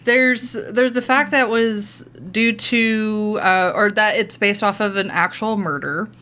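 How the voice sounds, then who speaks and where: Slow, bright-voiced woman podcast host. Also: mid-range voice, fairly even intonation. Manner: chatty, laughs often, thinks aloud with restarts. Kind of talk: casual podcast chat.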